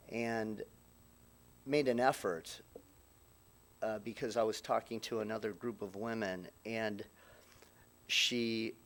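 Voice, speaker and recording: A middle-aged man with a lowish voice delivers a eulogy in a funeral chapel. He speaks haltingly, restarting phrases and pausing often, and his voice catches with emotion. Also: vocal fry. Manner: halting, with frequent restarts and pauses. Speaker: son giving a eulogy.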